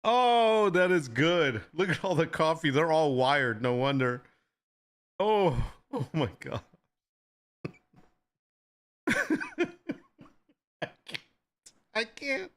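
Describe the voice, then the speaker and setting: An unhurried live-stream host chatting casually. The voice swings lively in pitch and keeps breaking into laughter while reacting to photos and reading requests aloud. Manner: reads viewer requests aloud.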